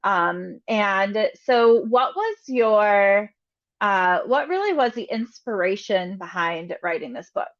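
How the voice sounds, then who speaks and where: A woman's voice: mid-range voice, expressive, takes it slowly, highs cut off. A woman hosting a casual video interview, enthusiastic and giggly as she praises her guest. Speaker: interviewer, host.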